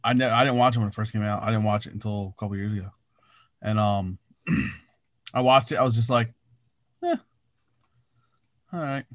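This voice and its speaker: A man's voice: fairly low pitch, fast, dry recording, studio quality. A man in casual chat, telling stories animatedly with lots of swearing. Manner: profane, animated storytelling, acts out quotes loudly.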